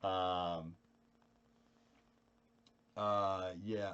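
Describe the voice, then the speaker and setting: A man chatting casually with viewers on a live stream, animated, joking and mocking himself. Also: lowish voice, drawn-out words, long pauses, dull audio.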